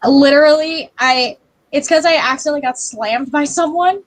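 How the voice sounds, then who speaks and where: A woman co-hosting a casual livestream chat over a video call, telling stories in an animated way and acting out what people said. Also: high-pitched, moderate pace. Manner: animated storyteller, acts out quotes. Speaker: livestream co-host.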